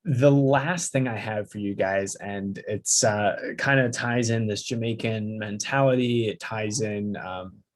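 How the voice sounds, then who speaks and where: A young man hosting a podcast interview, chatty and relaxed, laughing often. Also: lowish voice, unhurried, hardly any pauses. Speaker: podcast host. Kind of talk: casual interview chat.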